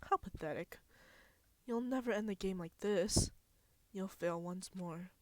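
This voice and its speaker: A streamer voicing a taunting game villain who gloats over despair, reading quietly in a low, mocking tone. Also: measured pace, no room sound, lightly acted.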